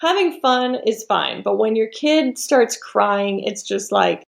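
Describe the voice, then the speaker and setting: A woman hosting a casual podcast chat, relaxed and empathetic, asking questions. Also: a little high, takes it slowly, creaky. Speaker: podcast host.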